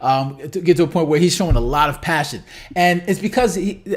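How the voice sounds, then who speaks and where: A man's voice: on the high side, brisk. A man hosting a commentary channel, talking casually about a clip, rambling with many restarts and asking "right?" again and again.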